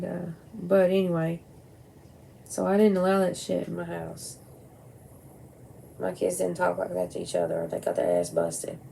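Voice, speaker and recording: Middle-aged woman, gravelly low voice, rambly and blunt, faint hiss behind her. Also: dark tone, poor audio. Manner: candid, rambling, blunt with swearing. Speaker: vlogger. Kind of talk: casual personal talk to camera. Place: at home by a window at night.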